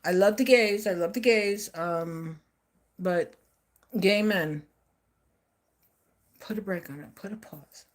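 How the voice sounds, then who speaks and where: An older woman rambles through a live-stream monologue. She talks emphatically and circles back to repeat herself. Her voice sits on the low side for a woman. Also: slow pace, long pauses.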